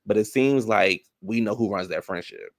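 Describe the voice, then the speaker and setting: A man's voice: on the low side, normal speed, vocal fry, dry recording, clean studio sound. Sassy man recapping reality TV. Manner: sassy, talks back to the show. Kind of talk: casual recap commentary.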